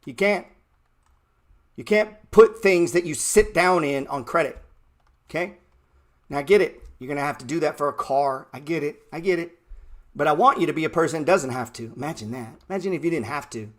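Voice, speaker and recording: A man in his thirties with a fairly high voice hosts a trading show, speaking a little fast. He delivers a blunt, brash motivational rant full of mockery and heavy swearing.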